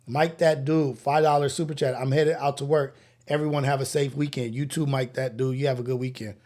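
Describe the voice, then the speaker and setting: Livestream host, man, mid-pitched, reads super chats and thanks viewers, a little short of breath. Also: little pitch movement, brisk, a little mellow. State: slightly out of breath. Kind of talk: live show chat reading.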